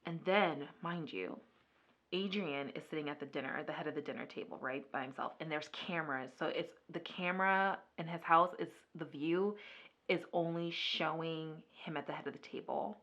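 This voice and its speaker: A woman vlogger chatting casually through a makeup video, retelling a story in an animated way with lots of filler words. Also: low voice, normal speed. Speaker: beauty vlogger. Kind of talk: casual makeup vlog chat.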